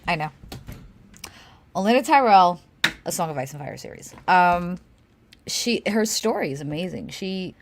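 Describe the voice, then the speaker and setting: Woman, lowish voice, lively swings in pitch, brash, laughs and swears a lot, casual stream chat. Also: normal speed, noisy background. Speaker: co-host of a Q&A stream.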